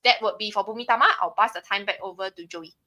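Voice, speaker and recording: Casting: young Singaporean woman, bright tone, live chart analysis, conversational teaching. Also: mid-range voice, quick pace. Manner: explanatory, frequent "right?" tags. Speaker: trading analyst on a live stream.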